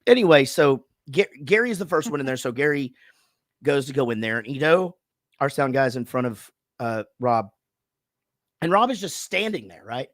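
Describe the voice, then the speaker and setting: Profane, animated male podcast host. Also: mid-range voice, moderate pace, no echo, clean studio sound. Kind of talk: casual chat.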